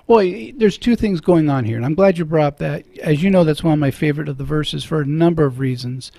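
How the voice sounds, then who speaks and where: A man's voice: fairly high pitch, fast talker, gravelly, warm tone, no room sound. A middle-aged man hosting a radio talk show from a studio, earnest and preacherly, moved when he quotes scripture.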